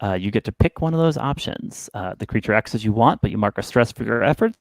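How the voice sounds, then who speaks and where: A man narrating as game master of a tabletop game, speaking haltingly with many fillers and restarts. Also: fairly low pitch, animated, no echo, rough recording.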